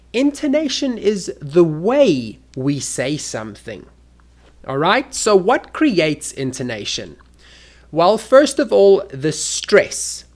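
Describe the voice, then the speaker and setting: An English teacher giving a lesson to learners in a clear, deliberate way and acting out spoken examples. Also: medium pitch.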